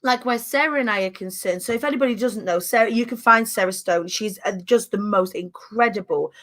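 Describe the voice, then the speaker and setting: A woman's voice: medium pitch, fairly quick, a bit bright. A woman hosting a casual online chat show, chatty and bubbly, laughing often. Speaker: host.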